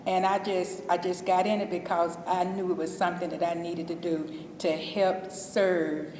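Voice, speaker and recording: A woman's voice: fairly low pitch, level tone, normal speed, a little mellow. A middle-aged woman from Alabama with a Southern accent, telling heartfelt stories in a chatty, informal way about her work as a school custodian. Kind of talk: interview testimony. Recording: echoey hall, distant mic, faint noise.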